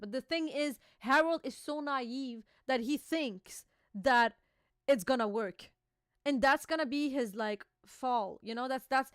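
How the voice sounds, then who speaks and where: A woman with a high, fairly bright voice reacts live and casually to a manga chapter, full of filler words and casual swearing. She reads panel dialogue aloud, then explains it, in a studio-quality recording with no echo.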